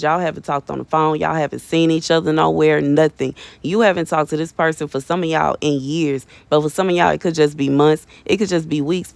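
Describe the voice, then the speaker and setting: Gravelly, animated woman. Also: low-pitched, dry recording. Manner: animated and slangy, laughing often, calls listeners baby and bruh. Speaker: prophetic message reader. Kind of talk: casual prophetic message video. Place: bedroom in her mother's house.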